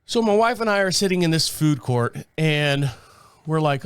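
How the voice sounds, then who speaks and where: A man's voice: sits high, brisk, smooth, no room sound, clean studio sound. A man hosting a podcast, telling a casual story with lots of swearing and laughter. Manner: animated, profane, laughs often. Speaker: podcast host.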